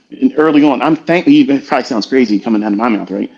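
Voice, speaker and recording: Middle-aged guy talking slow and earnest, mid-pitched voice, kinda dull muffled stream audio. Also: gravelly, mellow. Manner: earnest, confessional, slow and halting. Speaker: trading educator hosting a live audio room. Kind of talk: reflective motivational talk.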